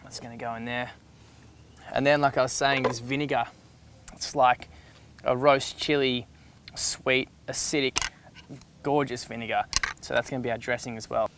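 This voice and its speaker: A man's voice: mid-range voice, fairly even intonation, normal speed, long pauses, a bit bright, slight background noise. A young man hosting a casual cooking demonstration in an upbeat, enthusiastic, chatty way. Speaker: cooking show host. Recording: music playing underneath.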